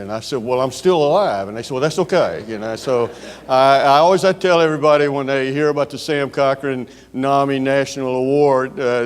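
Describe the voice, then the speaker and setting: A man with a Southern US accent gives a conference keynote speech, telling stories in a folksy way with frequent filler pauses. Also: medium pitch, clean tone. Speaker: keynote speaker. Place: large conference hall. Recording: long hall reverb.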